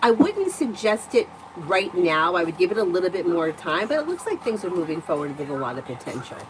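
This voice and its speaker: A woman with a fairly low voice livestreams as a tarot reader against a noisy background, talking fairly quickly and very animatedly. She tells stories in a chatty way, laughs a lot and swears freely while doing casual readings.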